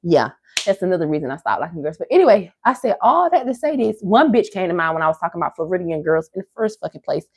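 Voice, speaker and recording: A woman's voice: lowish voice, very animated, quick pace, darkish tone, slight background noise. A woman hosting a livestream, ranting bluntly and profanely to her viewers in casual chat. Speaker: livestream host. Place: Miami area.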